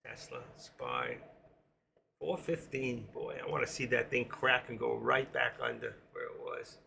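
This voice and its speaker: A middle-aged New York man rambles casually through a live trading stream and reads viewer comments aloud. His voice is gravelly and bright, with a faint hiss of background noise. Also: mid-range voice, wildly swooping pitch, measured pace.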